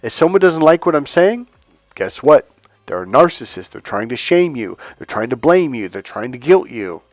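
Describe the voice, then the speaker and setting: A man who coaches on dating and healing, giving an animated, preachy motivational talk and retelling a story. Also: mid-range voice, moderate pace, dry recording. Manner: animated, acts out other people's lines in the story; preachy, emphatic. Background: faint music.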